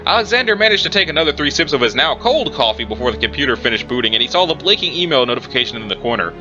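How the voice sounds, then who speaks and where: Lively, chatty man reading a story. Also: medium pitch, racing. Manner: chatty asides, self-corrections. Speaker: story reader. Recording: muffled recording with background music.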